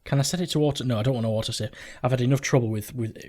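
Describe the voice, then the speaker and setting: A man's voice: medium pitch, rapid-fire, warm tone. A man hosting a let's play from home, rambling through game commentary, joking and swearing casually as he goes.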